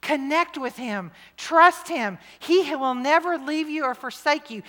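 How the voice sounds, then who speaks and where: A middle-aged woman, preaching to a women's rally with lively, emphatic, jokey swings between loud and hushed. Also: high voice, measured pace. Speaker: women's conference speaker. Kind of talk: sermon. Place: large church hall. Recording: long hall reverb.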